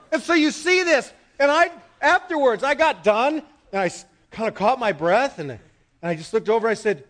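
A middle-aged male pastor preaching in a church, swinging from loud proclaiming to quiet asides with the congregation. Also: very high voice, expressive, moderate pace. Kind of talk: sermon. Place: church sanctuary. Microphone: microphone.

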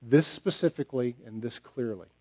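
Mellow-voiced man preaching a sermon. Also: medium pitch, normal speed. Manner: emphatic, repeats phrases and drops to a quiet close. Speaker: pastor.

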